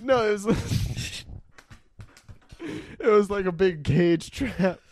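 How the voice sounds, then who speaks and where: A man's voice: high voice, slow, a little mellow. A young man co-hosting a podcast, swearing and laughing often as he tells crude stories in casual chat. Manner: laughs often, profane storytelling. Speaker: podcast co-host.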